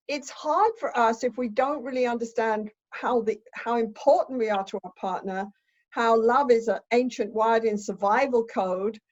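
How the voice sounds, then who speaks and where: A woman's voice: a little high, a little mellow, dull audio. An older woman, a relationship expert, explaining ideas thoughtfully in conversation with examples.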